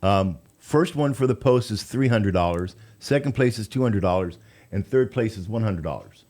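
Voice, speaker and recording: A man's voice: on the low side, expressive, normal speed, a little mellow. A man hosting a casual radio talk show, chatty and given to restarts.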